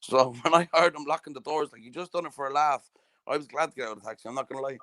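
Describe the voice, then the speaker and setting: A man's voice: a little high, rapid-fire, crowd noise. A southern Irish man telling a story in casual chat, swearing freely and constantly checking "do you know what I mean". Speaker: podcast host.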